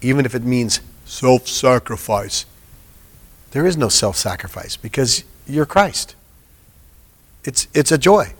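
A man's voice: medium pitch, animated, a little slow, pauses often, husky. A middle-aged man, a pastor, giving an informal sermon and chatting earnestly with a small group.

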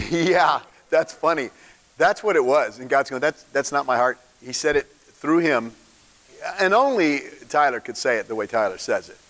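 A pastor with a mid-range voice gives an informal, conversational sermon at a moderate pace. He's animated and puts questions to the congregation, and the recording carries a long hall reverb.

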